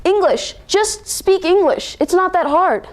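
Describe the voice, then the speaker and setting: A woman playing an impatient American father who loudly insists on English. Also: on the high side, lively intonation, normal speed, lightly acted. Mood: exasperated. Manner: loud, insistent, exasperated.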